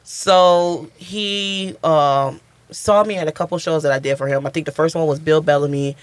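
Excitable comedian guy telling a story, bit high pitched, dry mic. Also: normal speed, no room sound. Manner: animated, chatty, acts out quotes. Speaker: stand-up comedian guest. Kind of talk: casual storytelling interview.

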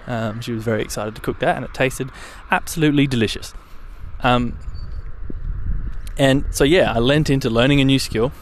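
A man's voice: mid-range voice, moderate pace, a little hiss or hum. A young man hosting his own podcast, chatting casually in a rambling way and swearing now and then. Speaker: podcast host. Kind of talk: casual solo podcast chat.

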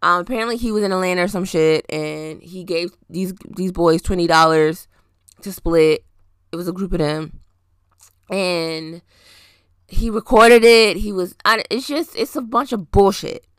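A young woman hosting a podcast, ranting in casual, profane, exasperated commentary that rises to loud outbursts. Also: lowish voice, unhurried, smooth, no room sound, clean studio sound. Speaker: podcast host.

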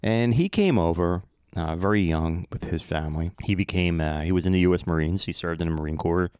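Low-voiced man, rambling podcast host. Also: little pitch movement, fast talker, a little mellow, smooth, no echo, clean studio sound. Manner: rambling, playful, self-mocking. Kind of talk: casual solo podcast monologue.

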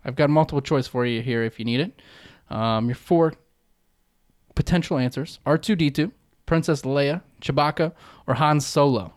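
A man's voice: medium pitch, normal speed, no echo, studio quality. A man hosting a casual podcast trivia segment, teasing the contestants. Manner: jokey, teasing quizmaster. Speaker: podcast host, quizmaster.

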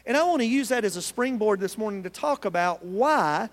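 A man's voice: high voice, animated, brisk, in a large hall. A man from the United States preaching a sermon in a church, earnest and calling out to his congregation. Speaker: pastor. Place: church sanctuary.

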